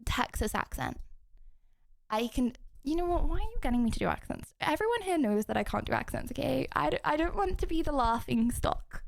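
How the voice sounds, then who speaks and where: A woman's voice: high voice, big pitch swings, fast, vocal fry, hardly any pauses. A young woman livestreaming from home, chatting casually while reading chat messages, giggling and cutting herself off mid-sentence. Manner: chatty, giggly, self-interrupting.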